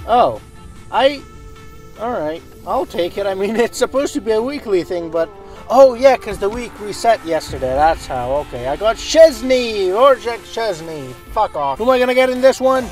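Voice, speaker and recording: A man commentating his own football video game, excitable and swearing often, shouting at plays. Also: high-pitched, moderate pace, soft background music, poor audio. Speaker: gaming channel host.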